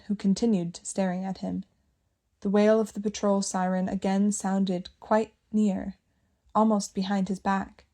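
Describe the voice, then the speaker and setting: A woman reading a novel aloud as an audiobook narrator. Her tone is warm and mellow, and she keeps a steady, measured storytelling pace through long descriptive passages. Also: mid-range voice.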